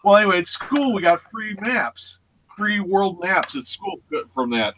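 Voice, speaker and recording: Male host in his forties, casual storyteller who acts out voices and sounds; bright, forceful tone. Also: high-pitched, sing-song, unhurried, a little hiss or hum. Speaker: show host. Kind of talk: casual chat.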